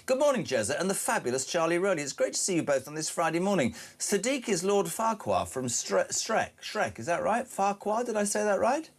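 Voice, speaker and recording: A man's voice: sits high, sing-song, brisk, few pauses. A man hosting breakfast talk radio, reading out listener messages with wry asides and working up into indignant rants. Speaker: radio breakfast show host.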